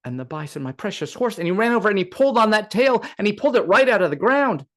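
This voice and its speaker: A man spins a folktale for a storytelling circle, his voice rising and falling widely as he acts out the scenes. He tells it with expressive, animated delivery. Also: high-pitched, fast. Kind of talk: oral folktale telling.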